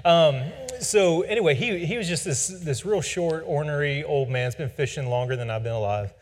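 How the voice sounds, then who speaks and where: A man's voice: fairly high pitch, normal speed. A man in his forties telling a rambling personal story with self-deprecating humor. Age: 40s. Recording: long reverb.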